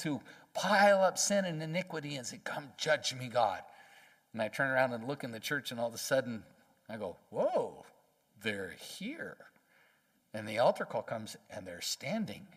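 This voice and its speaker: A man preaching a sermon as pastor, emphatic and folksy, acting out quotes in lively voices. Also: mid-range voice, long reverb tail.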